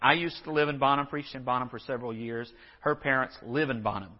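Folksy husky-voiced Texas preacher. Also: male voice, mid-range voice, fairly even intonation, fast talker, long reverb tail, highs cut off. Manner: folksy, joking asides, acts out scripture dialogue. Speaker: pastor. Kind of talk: sermon.

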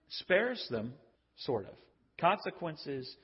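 A man's voice: fairly high pitch, very animated, takes it slowly, breathy edge. An older man preaching a sermon in a conversational, joking way, acting out the voices in the stories he tells. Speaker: pastor. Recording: dull lo-fi audio with long hall reverb.

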